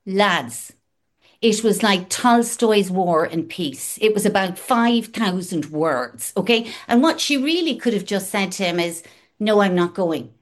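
A woman's voice: medium pitch, animated, measured pace. A middle-aged woman speaks in a candid, conversational way. She is emphatic and frank, drops the odd swear word without fuss, and stacks her points into rhythmic lists. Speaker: guest in recovery.

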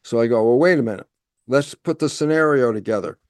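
A man's voice: mid-range voice, fairly quick, a little mellow, no room sound. A man giving an explanatory talk, lecturing conversationally, asking and answering his own questions and playing out both sides of a dialogue. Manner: repeats words and restarts, asks and answers his own questions. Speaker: speaker explaining stress biology.

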